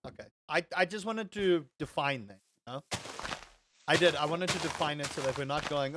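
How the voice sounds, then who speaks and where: A young man chats to his live-stream viewers while gaming. His voice sits a little high for a man. He rambles, restarts sentences, repeats words and drops in the odd swear. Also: a little fast, noisy background.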